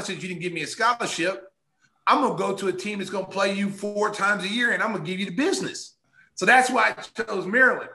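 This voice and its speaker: A middle-aged man, a former basketball player, telling stories in a sit-down interview, acting out what people said with big jumps in pitch. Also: roomy sound. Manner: animated storyteller, acts out quotes with big pitch jumps.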